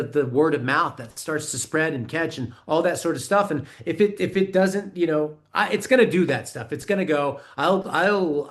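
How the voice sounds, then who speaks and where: A male actor and filmmaker, a guest in a casual interview, earnest and rambling with many restarts. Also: fairly high pitch.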